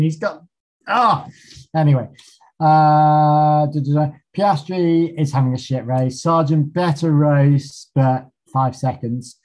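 A man's voice: a little high, takes it slowly, darkish tone, low-quality recording. A man co-hosting a podcast, recapping a race in clipped notes with frequent ums and casual swearing. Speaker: podcast co-host.

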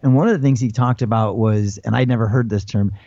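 American man with a dark, muffled voice. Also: mid-range voice, fairly even intonation, fast talker, dry recording. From United States. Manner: rambling, full of restarts and fillers. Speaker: guest. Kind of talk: casual interview talk.

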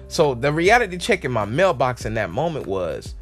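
A man's voice: mid-range voice, big pitch swings, a little slow, fairly bright tone, soft background music. A man casually telling a personal story as a podcast host, full of "like" and "man," laughing often.

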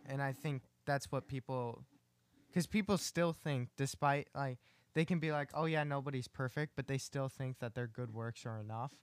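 A man's voice: mid-range voice, moderate pace, clear, resonant tone, no echo. Earnest man telling faith stories. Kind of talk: casual faith discussion.

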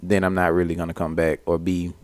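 A man speaks in a deep voice, picking his words with care in casual podcast talk. The sound is close and dry, with no room around it. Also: completely flat delivery, darkish tone, no echo. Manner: deliberate, measured talk with profanity. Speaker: podcast co-host. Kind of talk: casual chat.

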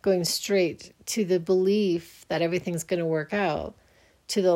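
A woman's voice: lowish voice, fairly even intonation, normal speed, a little mellow. A middle-aged woman hosting a podcast, telling a personal story in a rambling, earnest, reflective way. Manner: rambling, earnest, often restarts; faith-minded, reflective. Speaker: podcast host.

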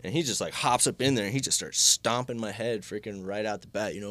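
A man's voice: fairly low pitch, fairly even intonation, a little fast, hardly any pauses, fairly bright tone. A man casually telling a long personal story, rambling with lots of filler words and swearing.

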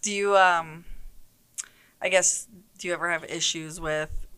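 A woman's voice: lowish voice, fairly even intonation, unhurried, sharp tone, clear, resonant tone. A woman police officer hosting an interview, asking questions hesitantly with many fillers. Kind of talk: conversational interview.

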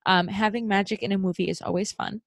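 Young woman podcasting, super animated, keeps doing the characters' voices, dry close mic. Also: medium pitch, fast, no room sound. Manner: animated, acts out the characters' lines. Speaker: podcast co-host. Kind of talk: casual chat recapping a movie.

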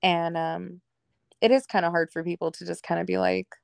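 A woman's voice: on the low side, level tone, fairly quick, gravelly, dry recording, clean studio sound. A young woman telling her life story candidly in a casual podcast chat, laughing often and acting out what others said. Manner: candid, laughs often, acts out quoted people. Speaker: podcast guest.

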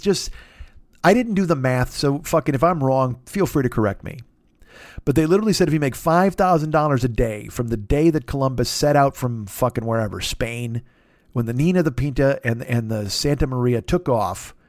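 A man's voice: medium pitch, darkish tone, no room sound, studio quality. Profane, sarcastic male podcast host. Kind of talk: casual podcast rant.

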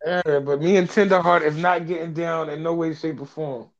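A man with a fairly high voice chats on a podcast in a relaxed, slangy style. His audio sounds dull and lo-fi. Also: normal speed. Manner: laid-back, slangy. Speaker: podcast co-host. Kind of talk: casual podcast chat.

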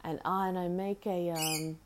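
Against a noisy background, a woman hosts a casual solo podcast from home with fairly even intonation. Her talk is halting and rambling with restarts, and she coos to her pet bird in a sweet, high voice.

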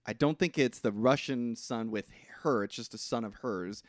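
A man co-hosting a podcast, recapping a movie in casual chat, rambling and halting with restarts and swearing. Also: mid-range voice, dry recording, studio quality. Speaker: podcast co-host.

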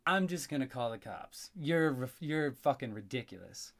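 A man telling a long story in casual talk, cursing freely and getting animated. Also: medium pitch, moderate pace. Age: adult with a young child. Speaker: podcast host.

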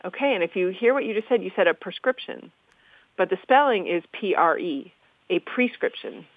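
A woman's voice: mid-range voice, expressive, a little fast, no echo. A woman historian of the language explaining usage in conversation, articulate and amused, lecturing in an easy way. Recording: tinny phone-like dry sound.

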